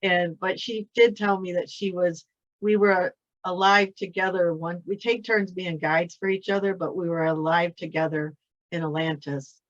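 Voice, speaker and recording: A woman hosting a spiritual talk. She tells a personal story in a chatty, excitable way, laughs often, and repeats herself. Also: on the low side, normal speed. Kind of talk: casual storytelling chat. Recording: dull lo-fi audio.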